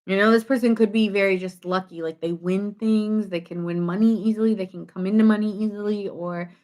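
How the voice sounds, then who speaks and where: A woman giving a casual tarot reading, chatty and animated, full of fillers, acting out little quoted reactions. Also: mid-range voice, fairly quick. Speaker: tarot reader.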